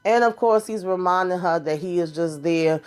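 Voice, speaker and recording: A woman's voice: on the low side, moderate pace, clear, resonant tone. A woman casually recapping a TV episode, blunt and sassy, swearing freely as she retells the scenes.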